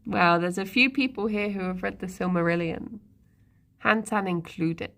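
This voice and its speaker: A woman's voice: mid-range voice, normal speed, gravelly, a bit bright. A woman streamer in casual live-stream chat, musing aloud and talking to her viewers and pets. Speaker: livestreamer.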